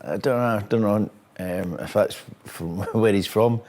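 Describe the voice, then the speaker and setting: A man's voice: lowish voice, a little slow. A former footballer recalling team stories in an interview, chuckling as he talks. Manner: chuckling, animated storytelling. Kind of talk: anecdotal interview.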